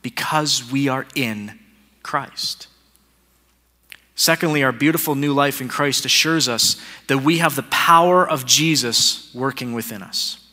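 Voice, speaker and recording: Bright-voiced male preacher in a hall. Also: mid-range voice, normal speed, few pauses. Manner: casual, joking asides between building repetitions. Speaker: pastor. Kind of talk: sermon. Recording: long hall reverb.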